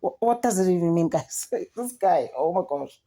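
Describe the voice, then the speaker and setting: A woman's voice: on the low side, moderate pace. A young South African woman chatting casually as she reviews a reality show, switching languages and calling on her viewers. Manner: chatty, code-switching, animated gossip with frequent "guys" and laughs. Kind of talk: casual chat.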